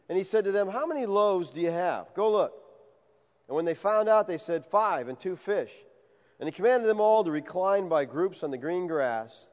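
A man preaching an expository sermon in a conversational, animated way, acting out the voices of the people he quotes. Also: sits high. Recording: dull sound with long hall reverb.

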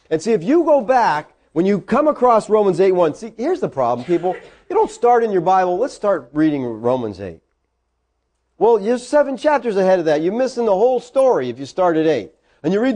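A man preaching a sermon, teaching from the Bible with emphatic, animated delivery. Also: high voice, normal speed.

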